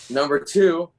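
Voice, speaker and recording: A man's voice: a little high, darkish tone, low-quality recording. A man co-hosting a casual podcast over a video call, playful and mock-serious. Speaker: podcast co-host. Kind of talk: casual chat.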